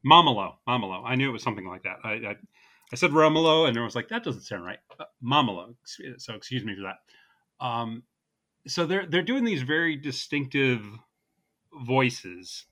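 A man co-hosting a casual movie review podcast, talking in a relaxed, rambling way. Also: medium pitch, moderate pace. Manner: relaxed, rambling, laughs easily. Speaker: podcast co-host.

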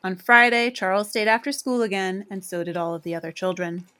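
A woman reads a short story aloud in a measured, clear manner. Her delivery is steady, suited to scripted narration. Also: mid-range voice.

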